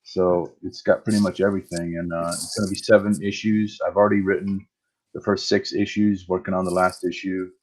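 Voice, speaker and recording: A man casually pitching his comic book as a guest, halting with many fillers and growing quieter. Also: little pitch movement, a little hiss or hum.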